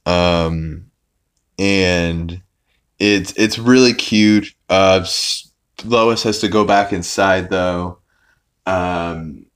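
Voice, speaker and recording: A young man casually recapping a cartoon episode, rambling with fillers, restarts and swearing. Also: sits low. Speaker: podcast host.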